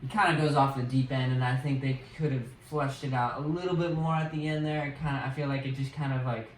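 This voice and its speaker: A man co-hosting a casual TV review chat, easygoing and halting, with lots of fillers. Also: medium pitch, fairly even intonation, echoey room, slight background noise, poor audio. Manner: casual, hesitant, many fillers. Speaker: co-host of a TV review show.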